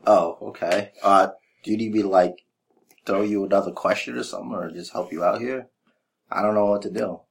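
A man's voice: on the low side, steady tone, fairly quick, creaky. A man co-hosting a casual podcast, talking in a playful, teasing way and laughing easily. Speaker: podcast co-host.

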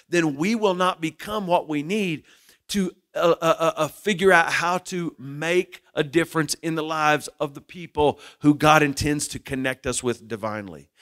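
A middle-aged man preaching a sermon, his voice sitting a little high for a man. He talks earnestly, building to loud, ringing lines before sinking into quiet, emotional storytelling. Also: moderate pace. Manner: earnest preaching, swells loud then drops low and emotional. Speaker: pastor.

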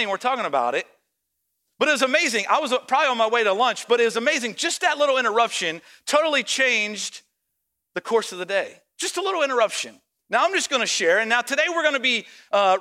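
A young adult male pastor tells a story during his sermon, voicing the quoted lines in a lower, softer tone.

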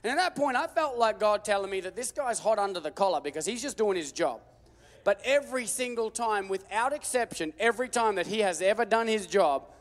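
A man preaching a sermon, telling a story with lively jokes and acted-out voices. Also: sits high. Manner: animated, joking storytelling with acted-out quotes. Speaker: pastor. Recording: long hall reverb.

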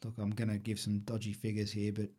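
A middle-aged man speaks in relaxed, casual chat. His manner is dry and teasing, with wry asides about everyday matters. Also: fairly low pitch, fast talker, husky.

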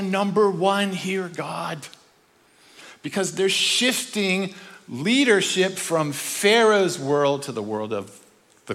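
A man's voice: sits high, creaky, fairly bright tone, long reverb tail. A man preaching a sermon in a church, emphatic and repetitive, asking the congregation rhetorical questions. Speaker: guest preacher.

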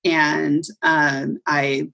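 A woman's voice: low-pitched, level tone, very slow, creaky, sharp tone. A young adult woman on a podcast, telling a story casually and acting out the voices of people she quotes. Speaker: podcast co-host.

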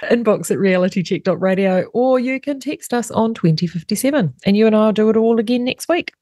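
A woman's voice: mid-range voice, lively intonation, brisk, dark tone, no echo, clean studio sound. A middle-aged woman with a New Zealand accent hosting a talk radio show, reading listener messages aloud and then reading news items. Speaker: radio host. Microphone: studio microphone.

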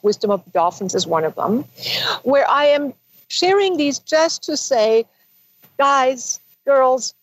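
A woman guest in an interview, telling a long personal story in an animated way and acting out the quoted dialogue. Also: high-pitched, breathy edge, poor audio. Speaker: guest author.

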